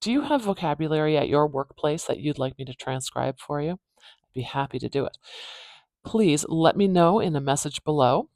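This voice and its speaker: A woman teaching pronunciation in a phonetics tutorial, patiently repeating words slowly to demonstrate their sounds. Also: low voice, animated, a little mellow, dry recording.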